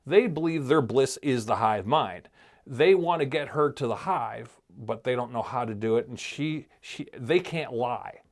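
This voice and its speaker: A man's voice: medium pitch, animated, a little slow. A man co-hosting a casual podcast chat, rambling as he retells a show's plot in quoted voices. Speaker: podcast co-host.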